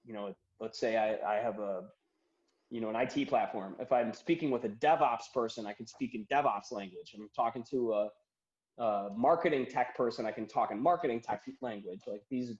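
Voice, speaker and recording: A man, a comedian and author, chatting as a podcast guest, rambling and animated as he tells stories and acts out quotes. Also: medium pitch. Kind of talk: casual podcast conversation. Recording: dull roomy remote audio.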